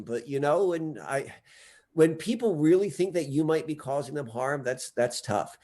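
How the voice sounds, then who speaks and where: A man's voice: fairly high pitch, big pitch swings, normal speed, mellow. A man in casual conversation, earnest and rambling, often restarting his sentences. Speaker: podcast guest.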